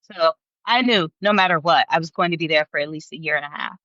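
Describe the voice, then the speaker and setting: A woman in her thirties, a podcast guest, telling her story in an animated way, laughing often and acting out what people said. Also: sits low, fast, dry recording, dull audio. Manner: animated, laughs often, acts out quoted voices. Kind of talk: storytelling in an interview.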